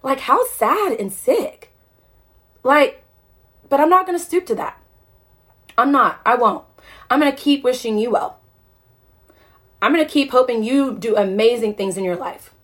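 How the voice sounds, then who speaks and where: Woman, high voice, passionate phone-livestream rant with a stream of rhetorical questions. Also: expressive, moderate pace, long pauses, a bit bright. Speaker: network marketer hosting a live video.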